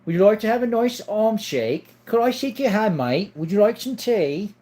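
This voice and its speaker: A man's voice: sits high, expressive, moderate pace, mellow, voice pushed up. A man voicing a jolly, overfriendly down-under bloke in a put-on Australian accent with an Irish twist. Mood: chummy. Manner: chummy, sing-song, overfriendly. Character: jolly male down-under bloke offering tea.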